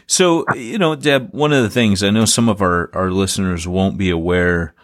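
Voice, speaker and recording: A man with a very low voice hosts an interview. He asks long, winding questions and answers his guest with short affirmations. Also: moderate pace. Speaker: podcast host. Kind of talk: interview conversation.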